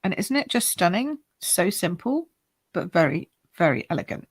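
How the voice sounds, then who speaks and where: A woman's voice: on the low side, very animated, normal speed, husky, dry recording. A woman hosting a live card-making class, chatting cheerfully and greeting viewers by name as she shows her cards. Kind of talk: chatty live-stream craft demonstration.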